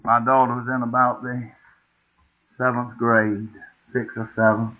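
A man's voice: medium pitch, little pitch movement, measured pace. A middle-aged man, preaching a sermon as a folksy, homespun story, often asking the congregation questions. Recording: tinny phone-like old tape.

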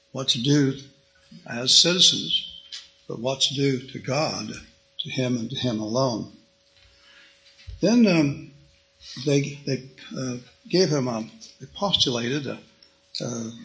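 Man, gravelly voice, bright tone, folksy Bible teacher. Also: mid-range voice, rough recording. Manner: folksy, reads scripture aloud in King James wording.

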